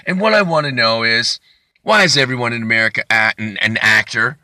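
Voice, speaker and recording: A man's voice: medium pitch, expressive, moderate pace, sharp tone, no room sound, clean studio sound. A man comedian delivering a rambling, profane, indignant comedic rant.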